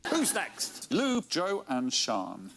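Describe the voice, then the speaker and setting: A man's voice: fairly high pitch, huge pitch swings, drawn-out words, vocal fry, heavy background noise. A man co-hosting a game show, announcing results playfully.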